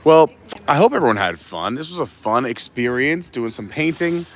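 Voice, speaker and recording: A man's voice: medium pitch, animated, moderate pace. A man hosting a live stream, chatting casually and greeting viewers while filming on a gimbal. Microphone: gimbal camera.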